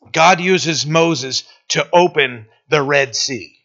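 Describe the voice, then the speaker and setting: Guy preaching, bright voice kinda high, dull lo-fi recording. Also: drawn-out words, creaky. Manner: conversational preaching with restarts and rising emphasis. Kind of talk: sermon.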